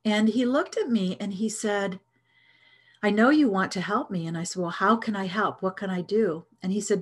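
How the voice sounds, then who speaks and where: A middle-aged woman tells a personal story at a mid pitch. She speaks earnestly and reflectively. She often stops and restarts her sentences. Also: normal speed, slightly rough. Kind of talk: storytelling talk.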